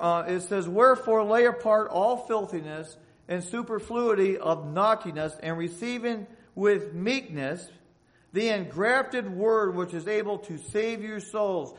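Male preacher, high-pitched, sermon with scripture readings. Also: fairly bright tone. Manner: reads scripture aloud in old-fashioned phrasing; asks the congregation for an amen.

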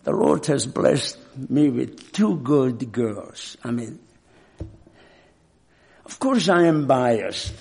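An older man, not a native English speaker, preaching a sermon and telling a personal story, with a halting manner and frequent throat clearing. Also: mid-range voice, very animated, a little mellow.

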